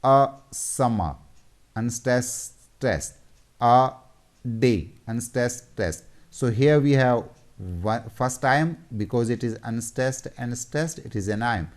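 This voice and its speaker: A man giving a slide-based poetry lesson, slow and methodical, repeating each step. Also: mid-range voice. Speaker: teacher.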